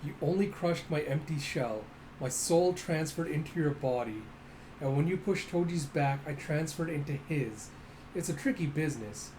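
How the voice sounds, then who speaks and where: A calm old monk who once mastered karate, read out by a man in his own voice. He speaks politely and without hurry, in a mellow tone, and faint noise runs behind him. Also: a little high, moderate pace, lightly acted, rough recording.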